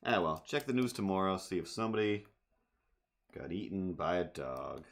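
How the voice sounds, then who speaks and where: A man's voice: deep voice, expressive, normal speed. A man streaming live as he draws, rambling and muttering playfully to himself as he works. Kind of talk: casual live-stream chatter.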